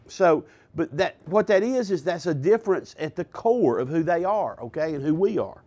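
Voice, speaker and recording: A man teaching a Bible lesson in a sermon style, pausing with fillers and checking in with his listeners. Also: fairly high pitch, big pitch swings, darkish tone. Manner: deliberate, with filler pauses and rhetorical "okay?". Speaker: pastor teaching a class.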